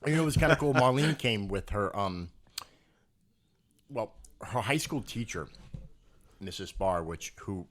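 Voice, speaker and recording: A man telling a story in casual podcast chat, getting animated when he makes a point. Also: unhurried, long pauses. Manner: animated storytelling, rising pitch when emphatic. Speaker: podcast co-host.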